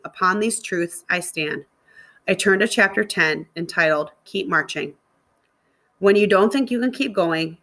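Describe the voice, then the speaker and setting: A woman, a middle school teacher, reading a novel aloud to her students in a steady narrating voice. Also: on the low side.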